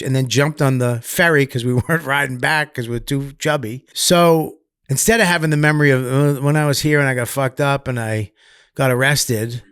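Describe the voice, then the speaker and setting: A man, a comedian guest on a podcast, telling candid stories in a profane, animated way, swinging between loud bursts and quiet asides. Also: medium pitch, clear, resonant tone, dry recording, studio quality. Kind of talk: candid storytelling.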